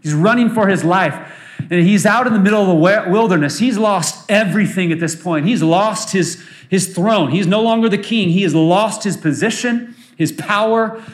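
A man's voice: high-pitched, normal speed, reverberant. A man preaching a sermon, telling a story with energy and acting out the voices of the people in it. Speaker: pastor. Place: church.

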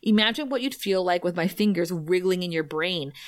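A cruel goddess from a hell dimension, speaking softly and sweetly as she taunts her victim, as a woman reads her lines aloud. The threat sits under a hushed, low delivery. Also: expressive, fairly quick, natural voice. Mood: menacing. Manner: soft, taunting, quietly menacing. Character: menacing female hell-god, cruel and sultry.

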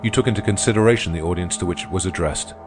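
A confident man who argues gravely and matter-of-factly, as an audiobook reader voices him. His voice is low and deep, with faint music behind it. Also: racing, close to an everyday voice. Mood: assured. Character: confident male socialist debater, calm and grave. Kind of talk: audiobook character voice.

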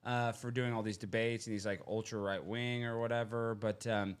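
A man guest on a podcast, talking excitedly and rambling through a story with loud bursts. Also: fairly low pitch, normal speed, smooth.

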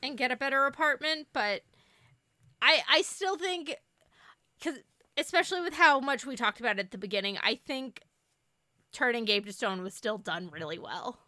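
A woman co-hosting a casual podcast chat about a TV show, animated and acting out lines from it. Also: high voice, normal speed, no room sound, studio quality. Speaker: podcast co-host.

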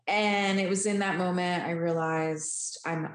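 A woman's voice: on the low side, steady tone, measured pace. A woman guest candidly and earnestly telling her personal recovery story. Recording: roomy echo.

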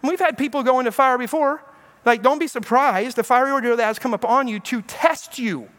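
High-voiced animated male preacher. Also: fairly quick. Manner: animated storytelling preacher who acts out quotes. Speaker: pastor. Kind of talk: sermon.

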